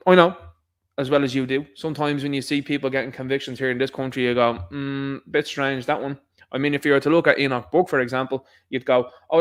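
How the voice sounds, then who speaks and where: A man hosting an opinion show, delivering an indignant, sarcastic monologue with emphatic bursts. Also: mid-range voice. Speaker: commentary show host.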